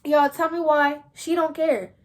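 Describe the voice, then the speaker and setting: A young woman, casually telling a story to her viewers in a slangy, animated way and often calling out to them as y'all. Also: sits high, measured pace. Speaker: vlogger.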